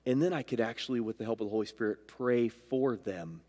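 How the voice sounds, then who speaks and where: A man of medium pitch with a darkish tone delivers a sermon a little fast. His emphatic preaching rises and falls for stress, and the sanctuary adds a long, hanging reverb.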